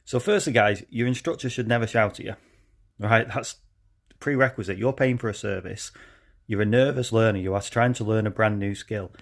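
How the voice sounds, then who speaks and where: A man's voice: on the low side, moderate pace, creaky. A man, a driving instructor, talking casually and earnestly to camera with many ums.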